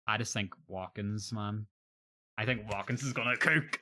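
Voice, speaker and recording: A man's voice: fairly low pitch, normal speed, sharp tone. A young man chatting casually on a live stream, joking and swearing freely.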